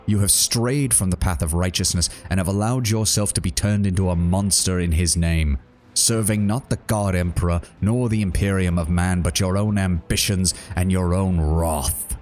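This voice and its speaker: A man's voice: deep voice, darkish tone, faint music behind, close to an everyday voice. A man voicing a zealous accuser who preaches about righteousness and sin in a tabletop role-playing game. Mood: accusing. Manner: preachy, measured.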